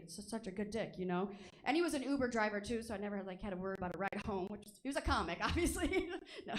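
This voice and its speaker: A woman's voice: a little high, a bit bright, a little hiss or hum. A woman performing a stand-up comedy set on a comedy theater stage, brash, crude and self-deprecating.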